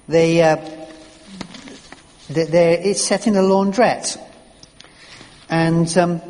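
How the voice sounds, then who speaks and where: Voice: mid-range voice, a little mellow. A preacher giving a sermon in a church, talking in a conversational way with frequent restarts and repeated words. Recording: long reverb of a church hall.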